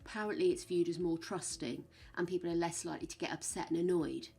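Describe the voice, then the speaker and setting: A woman's voice: lowish voice, quick pace, gravelly, warm tone, husky, soft background music. A woman chatting casually with her stream viewers, frank and chatty, swearing now and then. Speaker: game streamer.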